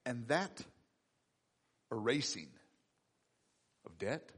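A male pastor preaching a sermon, emphatic, repeating key phrases and swinging between loud and hushed delivery. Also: mid-range voice, very animated, drawn-out words, slightly rough.

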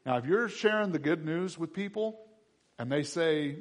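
A man preaching a sermon as pastor, animated and conversational, acting out voices of people in the story. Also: a little high, normal speed.

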